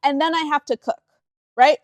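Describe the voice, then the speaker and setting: A woman's voice: high-pitched, steady tone, moderate pace, darkish tone, dry recording. A young woman co-hosting a casual podcast with her brother, telling stories in a playful, dramatic way. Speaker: podcast co-host. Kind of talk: casual chat.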